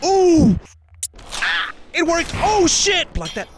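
A man giving excitable, swearing, comedic commentary while playing a game, slipping between English and Spanish slang. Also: extremely high pitch, slow, background noise. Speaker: VR gaming YouTuber.

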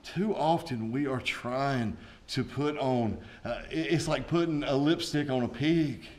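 A man's voice: mid-range voice, unhurried, darkish tone. A man, a pastor preaching a sermon with folksy asides and rising intensity.

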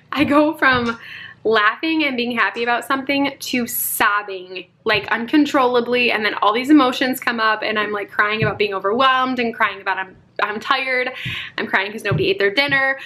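A young adult woman with a bright, forceful, somewhat high voice chats casually to camera as a mom vlogger. She laughs often and addresses her viewers as "you guys."

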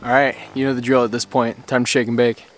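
Male angler-vlogger, excitable and exclamatory, outdoors by a creek. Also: medium pitch, quick pace, faint music behind. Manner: excitable, exclaiming, laughing often. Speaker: fly fishing vlogger. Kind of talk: excited outdoor vlog commentary.

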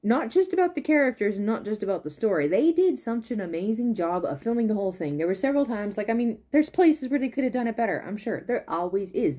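A woman's voice: medium pitch, warm tone. A woman reviewing a drama in casual video commentary, rambling and laughing often and losing her train of thought. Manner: laughs often while talking.

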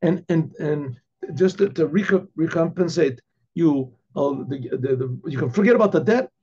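A man's voice: on the high side, expressive, moderate pace, warm tone, dull audio, natural voice. A man voicing an indignant, commanding king in a told story. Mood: reassuring.

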